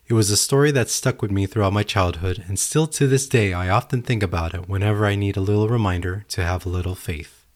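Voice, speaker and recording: A man with a lowish voice talks fast as he hosts a reflective solo podcast. He's earnest and tells a parable in a storytelling manner.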